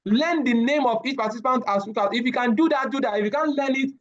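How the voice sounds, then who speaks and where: A man, giving a live safety training lecture, animated and often repeating his words as he addresses the class. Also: very high voice, quick pace, muffled recording.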